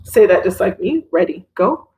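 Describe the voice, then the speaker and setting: A woman teaching a recorded lesson to young children, her pitch rising and falling in a lively way. She speaks clearly and encouragingly, pausing for the children to answer. Her voice sits in a middle range for a woman. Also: low-quality recording. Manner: clear, encouraging, call-and-response prompting.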